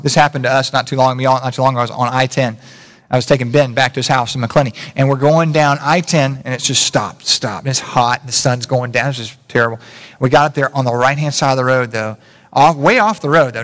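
Preaching conversationally in a church sanctuary, a male pastor's medium-pitched, fairly bright voice rings with the long reverb of the hall. He poses frequent rhetorical questions and often revises what he's just said.

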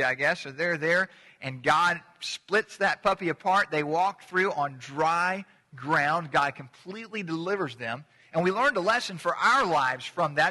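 A man's voice: a little high, bright, forceful tone, in a large hall. A middle-aged man preaching a casual, joking sermon as pastor, drawing the congregation in to repeat words with him.

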